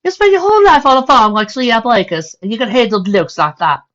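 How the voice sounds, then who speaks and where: A woman's voice: fairly high pitch, expressive, fast talker, a bit bright, lo-fi sound, voice pushed up. A woman voicing a tough, blunt young woman who talks in a brash, cocky way.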